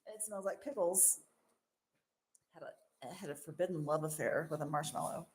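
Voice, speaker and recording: A young adult woman who owns a marshmallow shop, hosting a casual live stream while she works, excitable and self-mocking with frequent exclamations and laughs. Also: low voice, normal speed.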